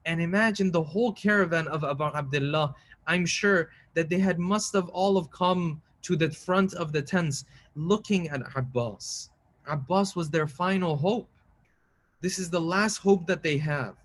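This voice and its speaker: Guy with kinda high voice preaching a sad sermon, gets emotional, pleading. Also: a bit bright. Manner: emotional, rising into pleading recitation; quotes Arabic lines in quick chant-like recitation. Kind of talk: mournful majlis sermon narration.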